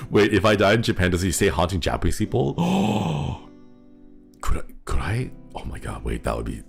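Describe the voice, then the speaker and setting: A man's voice: low voice, big pitch swings, normal speed, gravelly, soft background music. A male streamer chatting casually with viewers, rambling and laughing often as he thanks supporters.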